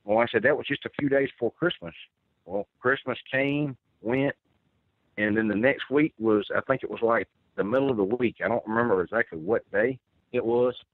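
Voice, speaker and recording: A man tells his story in a rambling, earnest way, often restarting a sentence. His voice sits at an ordinary pitch. It comes through a tinny, dry phone line. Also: moderate pace, no room sound. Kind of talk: first-person storytelling.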